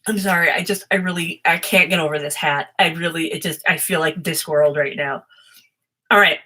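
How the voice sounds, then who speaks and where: A woman's voice: low voice, fairly even intonation, moderate pace, sharp tone. A woman doing a casual, chatty tarot reading, rambling and easily distracted, often giggling.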